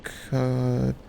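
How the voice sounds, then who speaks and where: A male livestreamer just woken up, with a groggy morning voice and a blocked nose, drawling casually to his chat and breaking into giggles and squeaky cheers. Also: mellow, slight background noise. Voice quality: gravelly.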